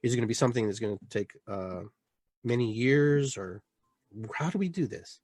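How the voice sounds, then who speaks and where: A man's voice: mid-range voice, expressive, moderate pace, a little mellow, dry recording. Emphatic rambling man, dry sound. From Peru. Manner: rambling, emphatic, many restarts. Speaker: podcast host. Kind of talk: casual monologue, town hall chat.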